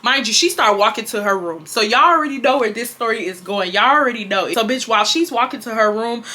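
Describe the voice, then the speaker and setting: Bright-voiced young woman telling a storytime. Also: a little high, fast talker. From Houston, Texas. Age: 20s. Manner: animated, slangy, talks to viewers. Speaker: vlogger. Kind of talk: casual storytime.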